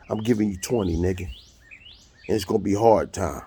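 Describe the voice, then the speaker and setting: A man's voice: low-pitched, brisk, long pauses, mellow. A man, bluntly and profanely retelling a court hearing in a casual monologue. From United States. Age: 50s. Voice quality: gravelly and husky. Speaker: storyteller recounting a court hearing.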